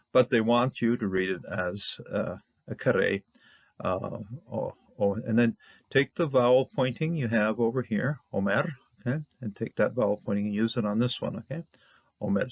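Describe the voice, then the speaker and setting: A man with a low, gravelly voice teaches biblical Hebrew grammar, halting with fillers and restarts. The recording is dull and lo-fi, with a dry, close sound. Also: no echo. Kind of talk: Bible language lesson.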